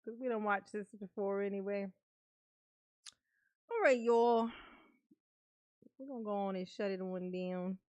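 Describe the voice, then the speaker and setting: Playful woman streamer, laughs a lot, slow easy talk, dry close sound. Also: mid-range voice, fairly even intonation, darkish tone, no echo. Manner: playful, laughs often, teasing; affectionate with viewers, calls herself Mama. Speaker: livestream host. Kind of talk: casual live-stream commentary.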